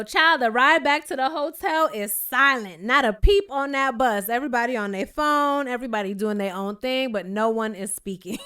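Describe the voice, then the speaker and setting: Young woman doing a sassy reality tv recap, kinda high voice, super clear, chatty. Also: fairly bright tone. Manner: chatty and sassy, acting out quotes in higher voices. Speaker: reality show recap host. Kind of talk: casual recap commentary.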